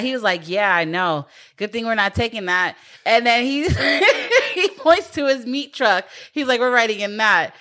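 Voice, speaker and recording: Brief: woman, casual recap chat, bright clear tone, rambling with lots of "um" and "like". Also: on the high side, animated, unhurried, few pauses. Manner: rambling retelling with fillers and quoted dialogue. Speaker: co-host recapping a film.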